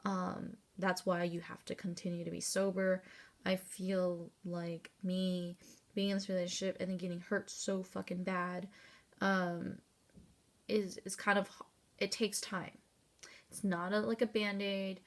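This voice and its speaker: A woman's voice: lowish voice, flat delivery, measured pace. A woman in her thirties talking candidly in a personal vlog, rambling with fillers and the odd swear word, tearful and close to crying at times. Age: 30s. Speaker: vlogger.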